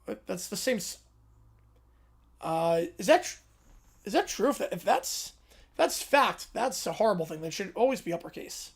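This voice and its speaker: A high-pitched man hosting a loose, chatty livestream. He reads viewer prompts aloud and breaks in with amused, sarcastic asides. His delivery is casual and quick-witted. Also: expressive, creaky, husky. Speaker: livestream host. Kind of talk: casual livestream reaction chat.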